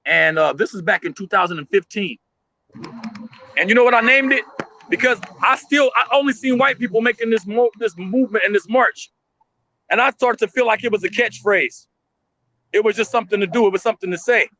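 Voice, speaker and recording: Impassioned man with a high, bright voice. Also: a little fast, dull audio, slight background noise. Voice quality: passionate, emphatic, slangy street talk. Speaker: street artist and vendor, livestream guest. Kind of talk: emotional livestream monologue.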